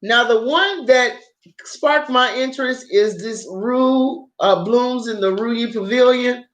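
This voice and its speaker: Speaking slowly in a slightly high voice, a woman talks casually to her audience about the dramas she's seen. The vlogger is profane and excitable, laughing a lot, with roomy echo on the recording.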